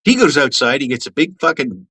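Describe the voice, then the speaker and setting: A man from Canada telling lively, swear-laced stories from his cadet days in a casual chat. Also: mid-range voice, a little fast, breathy edge. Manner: animated storyteller, swears casually.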